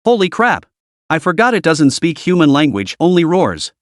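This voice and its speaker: A man voicing a brash, trash-talking male magpie beast who bullies others loudly. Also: fairly high pitch, sing-song, moderate pace, dry recording, studio quality. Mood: sneering bully. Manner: sneering, bullying, loud.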